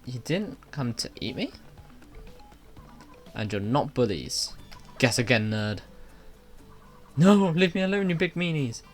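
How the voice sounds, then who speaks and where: A man's voice: mid-range voice, very animated, slow pace, long pauses, faint music behind, voice pushed up. A man voicing a small, frightened young male puni creature who talks in a jumpy, pleading way in a video game. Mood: scared.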